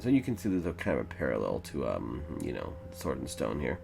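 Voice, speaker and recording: A man's voice: very deep voice, huge pitch swings, brisk, vocal fry, hardly any pauses, a little mellow, soft background music, low-quality recording. A man hosting a let's play, talking through a game in rambling, filler-heavy casual commentary.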